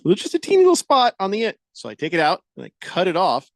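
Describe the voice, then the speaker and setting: A man's voice: high voice, fast talker, vocal fry, no echo. A man hosting a radio talk show, telling stories in casual banter and acting out the people he quotes. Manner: animated storyteller, acts out quoted voices. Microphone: studio microphone.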